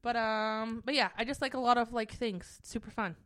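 A young woman chatting casually as co-host, playful and quick to laugh. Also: on the high side, fairly even intonation, a bit bright, no room sound, clean studio sound. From Southern Oregon, US. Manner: bubbly, playful, laughs often. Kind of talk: casual chat.

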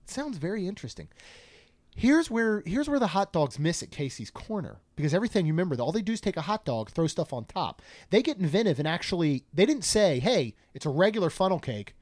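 A chatty, joking man co-hosts a casual podcast, reading menu items aloud with quick asides. His voice sits slightly high for a man. The sound is close and dry. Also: big pitch swings, darkish tone, no echo. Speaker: podcast co-host.

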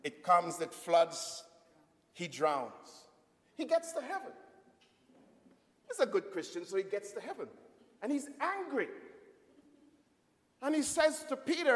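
A man with a high voice preaches to a congregation, building a story and pausing for replies. His voice rings with the long reverb of a church hall. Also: sing-song. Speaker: guest preacher. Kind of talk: sermon.

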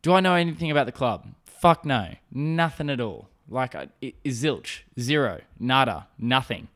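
A man's voice: medium pitch, animated, moderate pace, fairly bright tone. A young man hosting a podcast, telling a story in a rambling, profane, self-mocking way. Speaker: podcast host. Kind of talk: casual solo storytelling.

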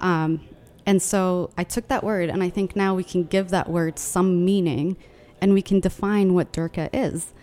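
Woman podcast host, low-ish voice, casual chat, animated explaining. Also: unhurried, few pauses.

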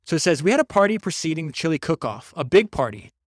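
A man hosting a podcast, summarizing a biography in a casual, energetic storytelling manner with quick asides and restarts. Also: a little high, no room sound, studio quality. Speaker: podcast host reviewing a biography.

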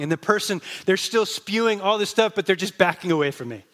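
Preaching in a church, this pastor speaks in a slightly high voice and tells his stories casually, like a conversation. Key words come out slower and softer so they sink in.

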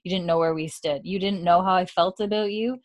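A woman's voice: steady tone, a little fast. Chatty young woman recapping a show. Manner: chatty, acts out characters' lines with lifted pitch. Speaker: podcast host recapping a TV episode. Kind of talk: casual chat recap. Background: dog heard at times.

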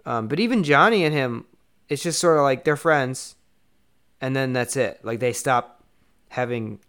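Smooth-voiced man chatting about a film. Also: mid-range voice, a little slow. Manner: relaxed, hesitant, restarts phrases. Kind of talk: casual film discussion.

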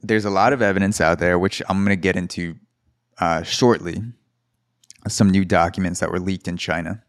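A man's voice: low voice, steady tone, moderate pace, dry recording, studio quality. A man hosting a solo podcast, giving rambling, sarcastic comedic commentary full of mock quotes. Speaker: podcast host.

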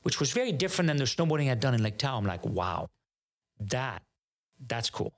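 Speaking fairly quickly in a mid-range voice, a Frenchman with a French accent shares a casual story as a podcast guest. French is his native language, and he's lively, performing both sides of every exchange and frequently starting sentences over.

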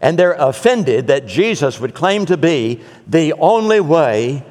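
A man preaching slowly and deliberately, leaning on repeated words and long pauses. His voice swings up and down, pitched a little high for a man. It rings with the long reverb of a big hall. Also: sing-song, darkish tone. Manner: emphatic, dramatic repetition and pauses. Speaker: pastor. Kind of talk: sermon.

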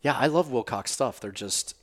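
A man's voice: mid-range voice, normal speed. A podcast host chatting loosely and rambling, swearing casually, his voice worn from an earlier recording. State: losing his voice. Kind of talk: casual chat.

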